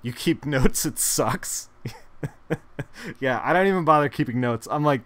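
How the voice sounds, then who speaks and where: A man of middle pitch talks loosely while he paints on a live stream. He wanders between thoughts, fills gaps with "um" and "like", and laughs at his own asides. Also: expressive, unhurried, long pauses, a bit bright. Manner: rambling, filler-heavy, laughs at his own jokes. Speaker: digital artist streaming a painting session.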